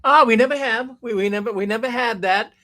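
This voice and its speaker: A man's voice: very high-pitched, fairly quick, pushed and bright. A man hosting a call-in show, talking in a folksy, casual way and thanking callers. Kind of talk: casual call-in radio talk.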